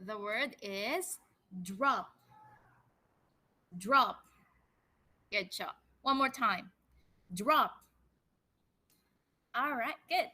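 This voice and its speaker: A woman leads children through a simple English vocabulary lesson before telling them a story. She talks very slowly and carefully, with a bright, forceful tone. Her voice sits slightly high, and she repeats each key word for the class to say back. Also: animated. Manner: slow, deliberate prompting with repeated words. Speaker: English teacher.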